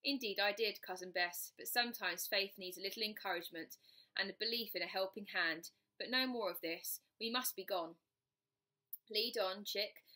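A woman's voice: medium pitch, normal speed, pushed and bright, close to an everyday voice. A woman voicing a mysterious, reassuring male ghost cousin who speaks in courtly, archaic phrases, in a storybook reading.

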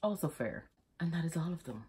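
A woman's voice: deep voice, expressive, brisk, warm tone, slightly rough. A young Irish woman chatting casually in a vlog, giggly and rambling, laughing often. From Ireland. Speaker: YouTuber.

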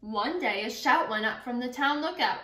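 A woman teacher with a bright, fairly high voice reads a children's book aloud. She stops to think out loud about what she pictures. The room is echoey. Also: lively intonation, moderate pace. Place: classroom.

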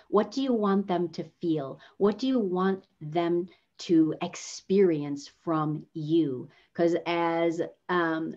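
A woman coaching a workshop on video presence, talking casually and changing her pitch up and down to demonstrate intonation. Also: lo-fi sound. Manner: casual, with fillers. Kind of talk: teaching workshop.

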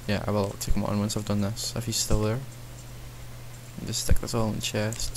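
A man's voice: lowish voice, a little fast, a little mellow, slight background noise. A young man, rambling and joking at himself in casual let's-play commentary at his computer mic. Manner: rambling, self-mocking, talks to himself while playing. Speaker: gaming channel host.

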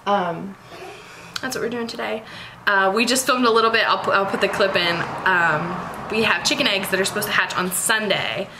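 A woman's voice: mid-range voice, normal speed, noisy background. A young woman and mother filming a casual vlog in her dining room, rambling with lots of ums and little laughs. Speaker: vlogger and mother. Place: home dining room, indoors.

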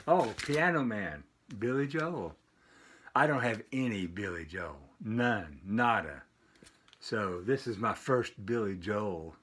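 An older man casually showing off a package of vinyl records, rambling with lots of filler pauses. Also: on the low side, fairly bright tone, slight background noise. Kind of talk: casual unboxing vlog. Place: home with dogs barking nearby.

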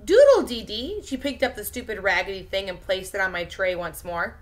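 A woman teacher giving an expressive interactive read-aloud of a children's novel for fifth graders. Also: medium pitch. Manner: lively expressive reading, pausing to talk to a baby and the class.

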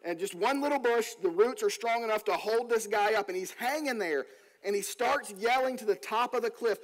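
A male pastor delivering a sermon, telling stories earnestly and slowing down to read scripture. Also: sits high, poor audio. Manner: earnest storytelling, slows down on scripture.

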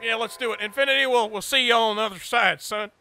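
High-voiced man, bossy and crude. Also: fast talker, music in the background. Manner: crude, bossy, laughs a lot. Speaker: roleplayer playing a police sergeant. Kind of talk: improvised game role-play.

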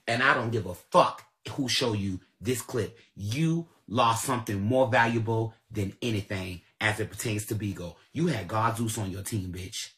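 A man's voice: mid-range voice, a bit bright. Confrontational ranting man with AAVE speech. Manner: confrontational, repetitive, profane. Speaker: livestream commentator. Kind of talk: ranting livestream commentary.

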